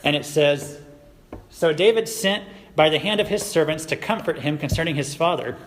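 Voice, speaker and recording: A man with a fairly high voice tells a Bible story to young listeners in a relaxed, chatty way, now and then asking them questions. The sound is echoey with a long hall reverb and a faint hiss underneath. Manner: conversational, asks the audience questions. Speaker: youth pastor. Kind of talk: casual youth sermon retelling a Bible story.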